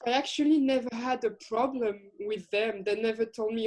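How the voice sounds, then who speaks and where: Woman drummer guest, fairly high voice, thoughtful and hesitant. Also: moderate pace, few pauses, darkish tone. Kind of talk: casual interview chat.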